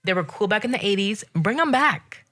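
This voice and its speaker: A woman hosting her own show, ranting in a casual, sassy, exasperated way with sudden jumps in pitch. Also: lively intonation, moderate pace, a bit bright. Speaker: podcast host. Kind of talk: casual solo rant.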